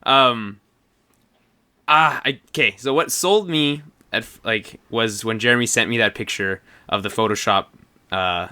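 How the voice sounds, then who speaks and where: A man co-hosting a casual podcast with a bright, forceful voice. He rambles, laughs a lot and lets sentences trail off halfway. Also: medium pitch, a little slow, smooth. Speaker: podcast co-host. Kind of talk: casual chat.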